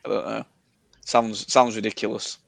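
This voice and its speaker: A man co-hosting a football podcast, giving hesitant, measured opinions. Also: fairly low pitch, flat delivery, vocal fry, fairly bright tone, no echo. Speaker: podcast co-host. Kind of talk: casual football podcast chat.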